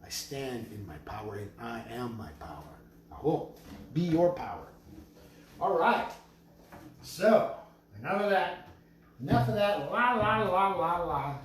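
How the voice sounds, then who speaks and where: A man making drums, talking slowly with prayerful, emphatic declarations and chanted words as he presents his drums in his studio. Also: a little high, a little mellow. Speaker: drum maker selling drums on a live stream. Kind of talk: live sales stream with spiritual talk. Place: studio full of drums and rattles. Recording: roomy studio with faint noise.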